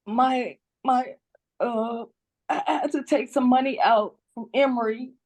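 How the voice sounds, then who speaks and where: A woman's voice: fairly high pitch, fairly even intonation, a little slow, a little mellow. An older woman, a grandmother, crying and pleading emotionally in a custody hearing over a phone video call, rambling and repeating herself. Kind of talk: pleading closing statement in court.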